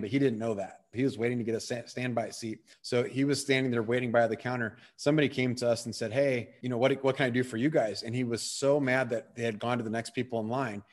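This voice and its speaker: Guy consultant talking fast, casual storytelling on a podcast. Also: medium pitch. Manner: storytelling, conversational, animated when making a point. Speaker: business consultant.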